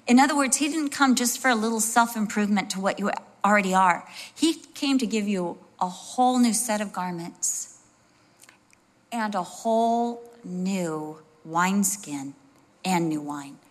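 A middle-aged woman preaching a sermon in a conversational, expressive way, with personal asides and small acted-out voices. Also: mid-range voice, a little slow.

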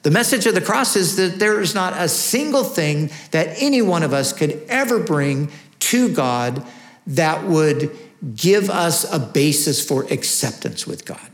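A man's voice: fairly high pitch, expressive, measured pace. A man preaching a sermon, teaching earnestly and asking rhetorical questions. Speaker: pastor. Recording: echoey room.

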